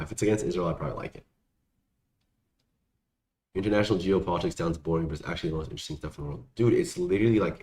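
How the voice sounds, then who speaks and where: Gravelly low-voiced young man, echoey room. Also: a little mellow. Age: young adult. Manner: rambling, slangy, many fillers. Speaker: vlogger answering viewer questions. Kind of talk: casual Q&A chat. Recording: echoey room, faint background noise.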